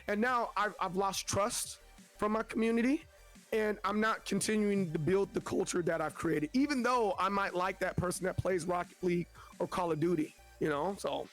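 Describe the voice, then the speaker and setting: A man's voice: high-pitched, moderate pace, a bit bright, faint music behind. A man from Tennessee, a streamer guest in a casual interview, talking in a rambling way with many restarts. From Tennessee, USA. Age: adult with children. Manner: rambling, frequent restarts, acts out quotes.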